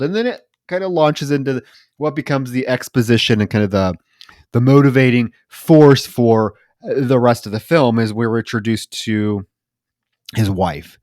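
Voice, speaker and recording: A man talking through a film on a podcast at an ordinary pitch. He circles back and repeats words as he thinks aloud. The sound is dry and close to the mic. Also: a little mellow, no echo. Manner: halting, with frequent restarts and repeated words. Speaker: podcast co-host. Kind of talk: casual film discussion.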